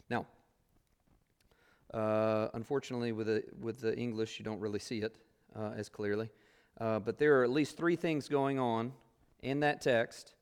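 A man's voice: medium pitch, a little mellow, clean tone. A man teaching a Bible class, reading scripture aloud and explaining it in a conversational way with many fillers.

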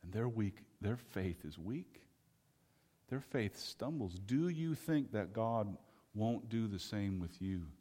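A man's voice: on the low side, animated, takes it slowly, mellow. A man preaching a sermon with fervent rhetorical questions. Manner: impassioned, rhetorical questions, acts out quoted voices. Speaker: pastor. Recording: long hall reverb.

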